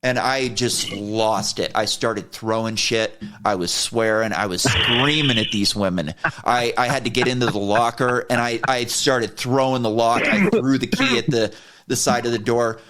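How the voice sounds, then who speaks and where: Podcast guy telling a story, swears a lot, gets worked up and loud when he quotes himself, mid-pitch voice. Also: moderate pace. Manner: profane, heated retelling of an argument; animated when quoting himself. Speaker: podcast co-host. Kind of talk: casual storytelling chat.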